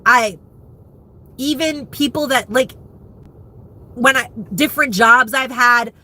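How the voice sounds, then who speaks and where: A woman's voice: on the high side, slow, pushed and bright. Candid, emotional woman in her fifties. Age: 50s. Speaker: vlogger. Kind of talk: candid live chat.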